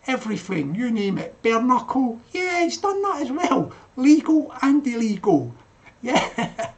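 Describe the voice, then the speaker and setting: An older man hosting a casual livestream, laughing often and calling himself by name in the third person. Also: extremely high pitch. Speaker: livestream host.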